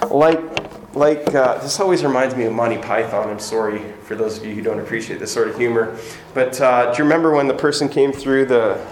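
A man's voice: medium pitch, a little hiss or hum. A man preaching a sermon as pastor in a church, emphatic and repetitive, with joking asides. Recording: echoey church room.

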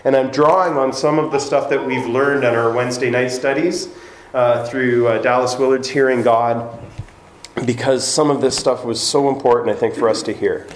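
A man's voice: medium pitch, fairly even intonation, normal speed, a little hiss or hum. Man preaching in an echoey church. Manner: conversational preaching, acts out quoted voices. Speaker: pastor. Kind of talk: sermon. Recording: echoey room with faint ambience.

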